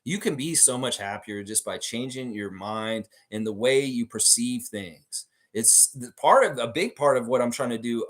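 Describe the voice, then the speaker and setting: A man in his forties hosting a fan livestream, reading viewer comments in casual chat and swearing freely, jumping between loud hype and low murmurs. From Canada. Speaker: fan channel livestream host.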